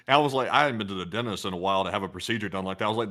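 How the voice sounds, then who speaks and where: A man's voice: on the low side, very fast, pushed and bright. A man co-hosting a livestream, telling rambling anecdotes full of fillers and reading viewer messages. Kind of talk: casual chat.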